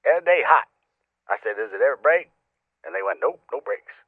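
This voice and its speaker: A man's voice: mid-range voice, lively intonation, a little fast, slightly rough, no room sound, narrow, tinny audio. Man doing a boastful old football coach. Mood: joking. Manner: drawling put-on accent, crude boasting. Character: blustery older male football coach, boastful. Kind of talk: comic impression on radio show.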